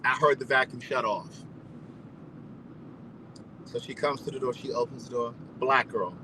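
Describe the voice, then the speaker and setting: A man telling a story in a casual, animated, profane way, repeating phrases for emphasis. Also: mid-range voice, unhurried, noisy background. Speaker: vlogger.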